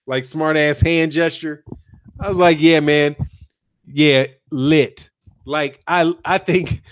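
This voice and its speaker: An American man with a fairly high voice hosts a live stream for a boxing channel, reading chat messages and offering animated, slangy commentary. He laughs often and repeats himself. The studio-quality recording is dry.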